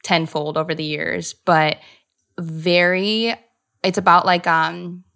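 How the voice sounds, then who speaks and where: A woman's voice: lowish voice, fairly even intonation, slow, creaky, fairly bright tone. A woman in her thirties, a comedic actor, chatting animatedly as an interview guest and laughing often. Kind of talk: casual interview chat.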